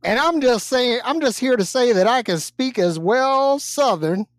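Man joking in a lively put-on drawl. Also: very high voice, unhurried, no room sound, clean studio sound. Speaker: podcast co-host. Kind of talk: casual podcast banter.

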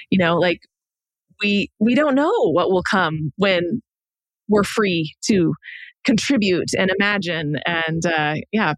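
A woman's voice: fairly low pitch, no room sound. Reflective woman podcast guest. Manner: thoughtful, reflective, laughs lightly. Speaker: guest author. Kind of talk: casual conversational interview.

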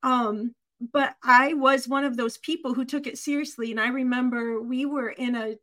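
A woman co-hosting a podcast, telling a personal story in candid, animated conversation, from Michigan. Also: high-pitched. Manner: earnest, animated storytelling with quick asides. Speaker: podcast co-host.

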